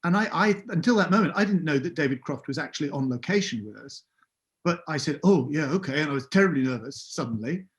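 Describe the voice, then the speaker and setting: A man's voice: fairly high pitch, fast. Wry man telling an anecdote. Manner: wry, self-deprecating, animated raconteur. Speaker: podcast guest. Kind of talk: anecdotal storytelling.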